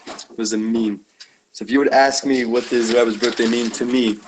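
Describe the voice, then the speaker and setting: A man's voice: mid-range voice, steady tone, normal speed. A man talking casually on a group video call, rambling with lots of fillers and restarts. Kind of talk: casual off-the-cuff sharing. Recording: noisy video call audio.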